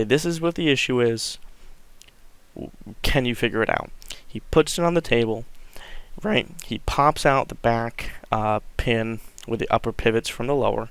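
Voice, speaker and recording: A man tells a long story in a casual, rambling way, stopping for fillers and restarts and acting out quoted lines. His voice is gravelly yet smooth. The recording is dry, with no room sound. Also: mid-range voice, a bit bright, no room sound. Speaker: vlogger telling a story.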